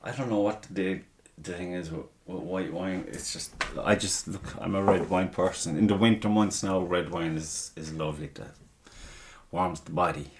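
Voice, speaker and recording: A man's voice: low voice, steady tone, normal speed. A man with a Cork Irish accent in casual podcast chat, blunt and emphatic, swearing freely as he gives his opinions.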